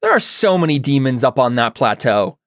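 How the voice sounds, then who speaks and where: A mimic bird gripes in a borrowed feminine voice, as a man puts it on. The voice is lively and recorded dry and close. It is a tabletop game role. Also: medium pitch, fairly quick, dry recording, natural voice. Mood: grumbling.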